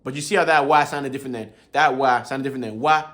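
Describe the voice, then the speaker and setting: Fast and a little bright, a young man's medium-pitched voice explains tones to viewers. He's a language learner with a loose, chatty style who chuckles frequently and keeps calling them bro.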